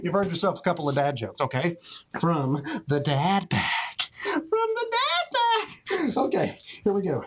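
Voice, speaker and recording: Excitable man, wildly swooping delivery, cracks up at his own jokes, recorded on a muffled doorbell cam with faint hiss. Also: on the high side, moderate pace. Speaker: comedy creator telling dad jokes. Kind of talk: comic monologue to a doorbell camera. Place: outdoors at a front door. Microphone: doorbell camera. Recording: muffled doorbell camera audio with faint noise.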